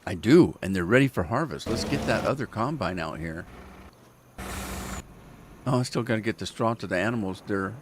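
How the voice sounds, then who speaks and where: A man's voice: on the low side, animated, normal speed, pauses often, noisy background. A man hosting a game livestream, chatting casually and wandering off into rambling stories while he plays. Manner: rambling storyteller with restarts and chuckles. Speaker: gaming livestream host. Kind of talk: casual chat while playing.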